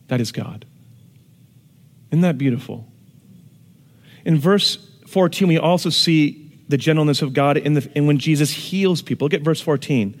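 Pastor, male, fairly high voice, animated sermon delivery, long church-hall reverb. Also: normal speed, long pauses. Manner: animated, shifts from hushed to shouting for emphasis.

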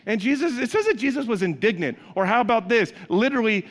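A man's voice: very high-pitched, very animated, fast, long reverb tail. A man delivering a sermon as pastor, in a conversational way, acting out quoted voices and asking the congregation questions.

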